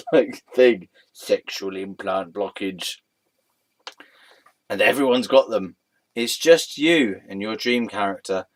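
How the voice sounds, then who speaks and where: A man reading a web page aloud and mocking it, often breaking into laughter and mock-dramatic outbursts. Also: lowish voice. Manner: giggly, keeps breaking into laughter.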